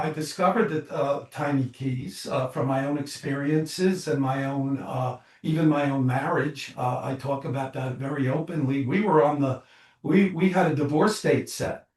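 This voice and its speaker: A man, a psychologist and author, telling stories in an interview, animated and full of fillers and restarts. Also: fairly high pitch, unhurried, reverberant, distant mic. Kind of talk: interview storytelling.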